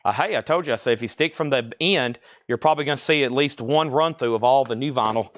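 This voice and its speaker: A man hosting a live vinyl record sale, running an excitable commentary and talking to himself as he sorts and sells. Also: mid-range voice, fast talker, hardly any pauses, no room sound.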